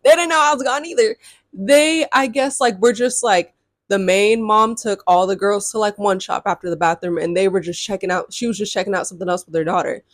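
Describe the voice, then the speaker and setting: A woman's voice: medium pitch, fairly quick, no echo, studio quality. A young adult woman telling a casual storytime vlog, chatty and loose, filling her talk with like and often calling the audience y'all. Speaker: YouTube storyteller.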